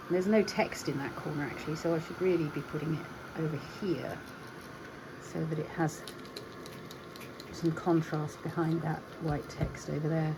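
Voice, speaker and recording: A woman hosting a craft tutorial, chatting casually and thinking aloud as she works, even talking to her supplies. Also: low-pitched, normal speed, long pauses, noisy background. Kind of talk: casual demonstration while crafting.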